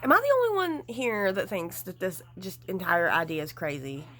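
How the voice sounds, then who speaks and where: A woman vlogger giving casual, gossipy commentary, animated and frank with some mild swearing. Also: lowish voice, moderate pace.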